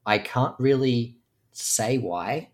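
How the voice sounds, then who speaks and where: A man's voice: medium pitch, takes it slowly. A man casually chatting about a comic book, giving thoughtful comments on its story and art. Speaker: comic book podcast co-host. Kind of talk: casual chat.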